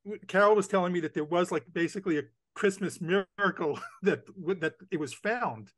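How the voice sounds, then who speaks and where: A man hosting an interview, gently prompting his guests to tell their stories and laughing along. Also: high-pitched, brisk. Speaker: interview host. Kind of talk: casual interview chat.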